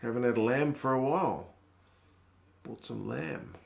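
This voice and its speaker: A man's voice: medium pitch, a little slow, vocal fry. Laid-back New Zealand man chatting. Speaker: live stream host. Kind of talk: casual chat reading viewer comments.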